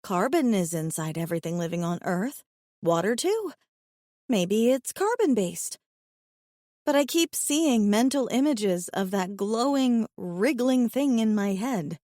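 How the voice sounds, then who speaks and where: A woman narrating a first-person romance audiobook, expressive with a wry inner voice. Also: medium pitch, unhurried, no echo, studio quality.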